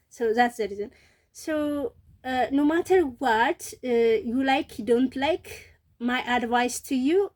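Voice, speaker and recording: A woman speaking English as a learner, in a casual, earnest vlog voice. Her pitch sits a little high, and she stumbles and restarts often, padding her talk with fillers. She sounds sincere as she hands out advice. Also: darkish tone. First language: not English. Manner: halting, many fillers and restarts.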